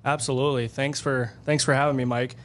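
A man being interviewed as a guest angler. He tells fishing stories in an excitable, animated way. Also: medium pitch, a little fast. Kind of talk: casual storytelling interview.

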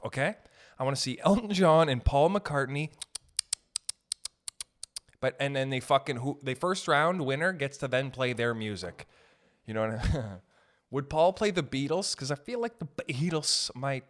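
A man's voice: mid-range voice, a bit bright. A young man hosting a comedy podcast, riffing through a profane, rambling monologue and laughing at his own jokes.

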